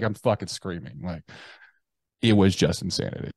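Deep and brisk, this man's darkish voice comes through with no room sound. An army veteran recounting a personal story in an interview, he talks casually, swearing a lot and constantly dropping "like" and "bro."

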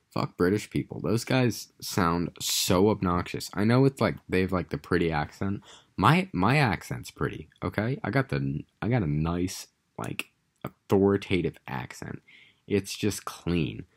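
A man's voice: sits low, lively intonation, measured pace. A young American man talking to his own channel in a crude, meandering casual monologue full of fillers and restarts. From United States. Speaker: vlogger.

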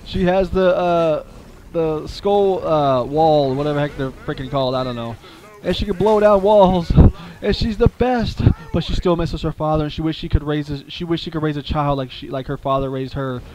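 A man telling a playful story with toys, animated and lively, dropping low for heartfelt asides. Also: normal speed, a little hiss or hum, rough recording.

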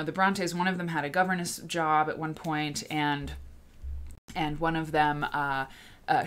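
A woman hosting a casual livestream, chatty and rambling, greeting viewers in the chat by name. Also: deep voice. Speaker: host.

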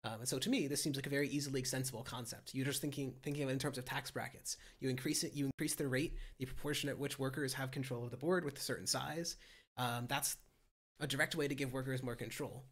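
A man hosting a casual political discussion, explaining ideas at length in a steady way with many ums. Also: mid-range voice, fast. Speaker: host.

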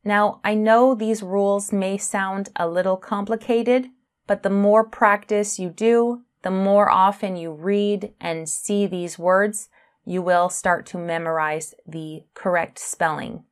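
Slow, careful female English teacher. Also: mid-range voice, fairly even intonation. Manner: slow, careful, spells out letters and stresses words. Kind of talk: beginner grammar lesson.

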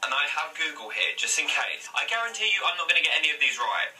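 A man's voice: fairly high pitch, fast talker. Self-mocking man vlogging. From London. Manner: self-deprecating, animated. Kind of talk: casual vlog, guessing slang. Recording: echoey room, distant mic, faint music.

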